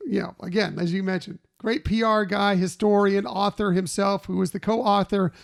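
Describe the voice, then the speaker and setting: A male podcast co-host chats casually with a high, gravelly voice. He rambles through asides and chuckles often. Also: fairly even intonation, moderate pace. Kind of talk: casual chat.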